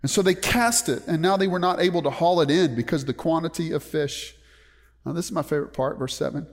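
A man's voice: a little high, fast talker, creaky. A man preaching a sermon as a pastor, emphatic, often putting questions to the congregation. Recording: long reverb of a large hall.

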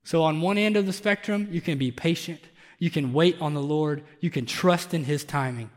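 A man's voice: fairly high pitch, moderate pace, big-room sound. A man preaching a conversational sermon as pastor, building up intensity on his emphatic points. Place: church sanctuary.

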